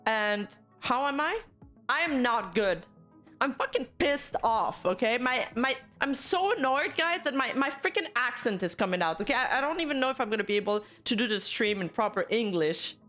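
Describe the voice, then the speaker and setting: A woman's voice: a little high, animated, fairly bright tone, faint music behind. A woman VTuber streamer talking to her chat live, heated and swearing as she rants. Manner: heated, swearing, talks fast in bursts. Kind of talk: live stream commentary rant.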